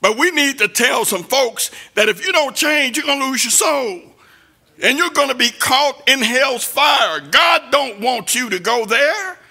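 A man preaching a sermon in a sing-song cadence that rises to shouts. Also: very high-pitched, lively intonation, unhurried, gravelly.

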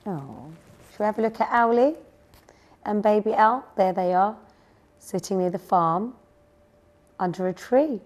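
A woman reading a picture book aloud to young children, gently asking them questions along the way. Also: medium pitch, animated, a little slow, pauses often. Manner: gentle, asks listeners questions. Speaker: storyteller.

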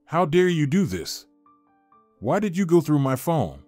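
A man's voice: medium pitch, sing-song, normal speed, a little mellow, no echo, soft background music, natural voice. A man voicing a cold, self-serving young woman who speaks harshly and bluntly to her fiancé. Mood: angry.

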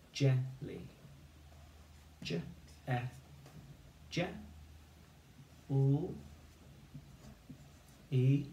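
Very slow, patient male teacher. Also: mid-range voice, mellow, slight background noise. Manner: slow, patient, spells out letters one by one. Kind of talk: phonics dictation lesson. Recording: echoey room, voice from far off.

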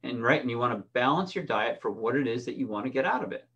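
A man's voice: medium pitch, lively intonation, fast talker, a bit bright, muffled recording. A middle-aged man, a swim coach, giving a conversational lesson with personal stories, often restarting and checking in with "right?". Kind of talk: instructional talk with personal stories.

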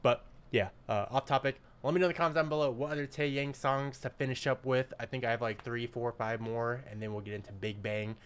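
A man hosting a casual music video reaction, excitable and slangy, often bursting into hyped exclamations. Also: medium pitch, a little fast, hardly any pauses, clear, resonant tone. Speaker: reaction channel host. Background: faint music.

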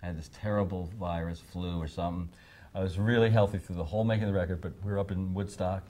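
Middle-aged male interviewee; animated raconteur who mimics others. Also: low-pitched, quick pace. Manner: animated storyteller, acts out quotes in raised voices, laughs often. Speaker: songwriter interviewee. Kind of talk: anecdotal interview storytelling.

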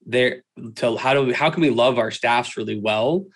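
A man's voice: mid-range voice, normal speed, a bit bright, rough recording. A man hosting an interview, speaking earnestly with frequent restarts and fillers. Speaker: host. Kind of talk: interview questions and conversation.

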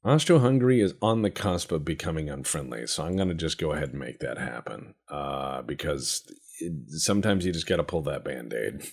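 A man with a deep, slightly husky voice talks over a strategy game. He jokes, swears and rambles off on tangents, and his pitch swings widely as he goes. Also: lively intonation, fairly quick, a little mellow. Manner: joking, profane, rambling asides. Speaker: gameplay commentator. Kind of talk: let's-play commentary.

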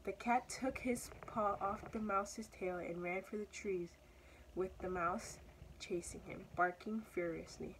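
A woman's voice: medium pitch, fairly even intonation, unhurried, slight background noise, poor audio. Young woman reading a children's story. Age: teenager or young adult. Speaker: student reader.

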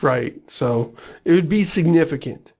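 A man's voice: fairly high pitch, expressive, unhurried, darkish tone. A man co-hosting a podcast in casual chat, jokey and self-mocking, laughing often. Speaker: podcast co-host.

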